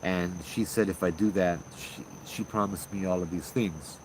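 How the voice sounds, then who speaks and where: A man quoting an older man from in a low, quiet, flat voice. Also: normal speed, noisy background, close to an everyday voice. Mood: quietly eerie. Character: older local man, calm and unsettling.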